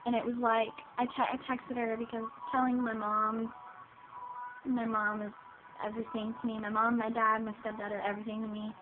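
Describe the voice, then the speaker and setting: A seventeen-year-old vlogger speaks a little fast in a slightly high voice with little pitch movement. Addressing the camera in a personal vlog, she is hesitant, with many ums and restarts, and the recording sounds tinny and lo-fi with hiss.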